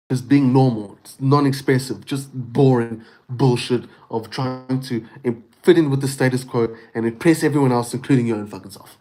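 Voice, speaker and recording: A man ranting on his own livestream in a loose, unfiltered monologue. He is very expressive, swears often and drops "dude" and "bro" into nearly every thought. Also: mid-range voice.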